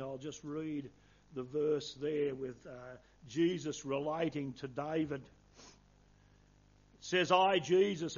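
A man's voice: a little high, muffled recording. A man preaching a sermon, earnest and emphatic, quoting scripture in old-fashioned wording.

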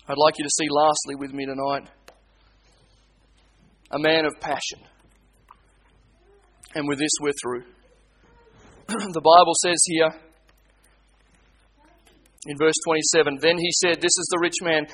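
A man preaching a sermon, swinging between hushed pleading and loud, urgent appeals. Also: on the high side, steady tone, a little slow, pauses often, husky. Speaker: pastor.

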